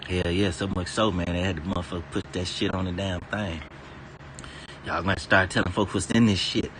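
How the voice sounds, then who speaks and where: A man's voice: sits low, level tone, a little fast, noisy background. A man streaming and ranting casually, swearing constantly, laughing now and then, and drifting from topic to topic. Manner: profane, laughs between lines, digresses freely. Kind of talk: casual rambling rant.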